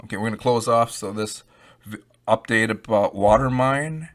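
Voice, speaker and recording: A man with a fairly low voice talks off the cuff to his viewers and keeps calling them "guys." His delivery is rambling and emphatic, with frequent restarts as he builds his points. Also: moderate pace. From Canada. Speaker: YouTube crypto commentator. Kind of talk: casual unscripted commentary.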